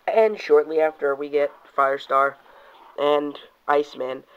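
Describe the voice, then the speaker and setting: A man's voice: a little high, fairly even intonation, a little slow, smooth. A young man casually reviewing toys, rambling and cursing now and then, reading comic panels aloud in put-on voices. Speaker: toy reviewer. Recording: dull lo-fi home video audio.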